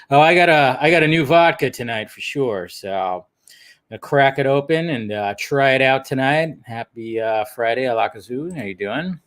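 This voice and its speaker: A man hosting a casual live stream, greeting viewers in the chat by name and rambling in upbeat asides. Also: mid-range voice. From California. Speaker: livestream host.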